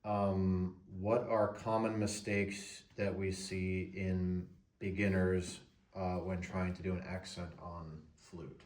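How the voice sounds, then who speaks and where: Very deep-voiced man away from the mic. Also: little pitch movement, slow pace, a little mellow. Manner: conversational, asks follow-up questions. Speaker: music teacher interviewer. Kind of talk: instructional interview. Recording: distant, echoey room.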